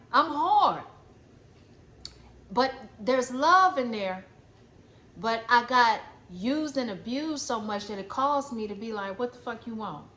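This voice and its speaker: A woman's voice: high-pitched, pushed and bright. A woman giving a blunt, emphatic spiritual pep talk, repeating phrases and cursing casually. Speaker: spiritual coach. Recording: echoey room with faint ambient noise.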